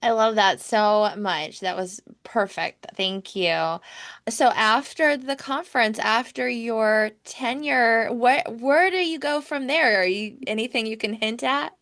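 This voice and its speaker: A woman's voice: a little high, unhurried, a bit bright. A woman hosting a podcast interview, giving short reactions and asking questions with easy laughs. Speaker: podcast host.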